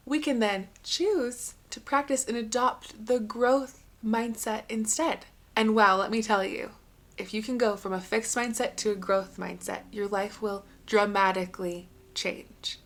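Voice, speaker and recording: Young adult woman, podcast host, earnest and encouraging, plain conversational delivery. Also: on the high side. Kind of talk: solo podcast talk.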